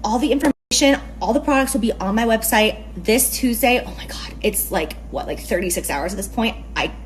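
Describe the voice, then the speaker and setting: A woman's voice: on the high side, animated, a little fast, a little hiss or hum, rough recording. Gushing, giggly woman doing a makeup tutorial. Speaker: beauty influencer.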